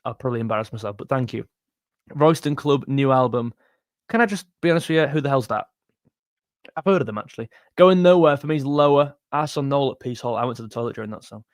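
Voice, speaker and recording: A young music channel host reads live chat on his livestream, joking around and calling viewers mate. His voice is mid-range and he talks fast. The sound is clean studio audio with no echo.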